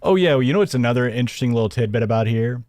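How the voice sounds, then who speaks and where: A man's voice: mid-range voice, lively intonation, racing, darkish tone, no room sound, clean studio sound. A man hosting a livestream, rambling and mocking as he comments and thanks viewers, often chuckling. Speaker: host.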